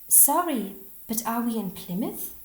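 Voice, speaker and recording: A woman reading the part of a lively young girl who exclaims a lot, in a roomy-sounding recording. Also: fairly high pitch, normal speed, pitched above the performer's own voice, close to an everyday voice. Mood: excited. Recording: roomy echo.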